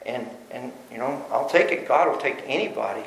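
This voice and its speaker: A man's voice: mid-range voice, expressive, fairly quick, vocal fry. A man preaching a sermon as pastor, emphatic and full of rhetorical questions. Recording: roomy echo.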